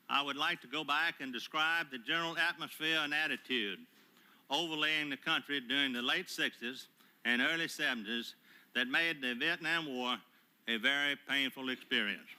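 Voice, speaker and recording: Older man giving formal, measured testimony. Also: on the high side, bright, forceful tone, clean tone. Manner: measured, formal, with frequent "uh" pauses. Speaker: retired admiral testifying as a witness. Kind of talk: prepared testimony at a hearing. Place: hearing room. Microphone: table microphone.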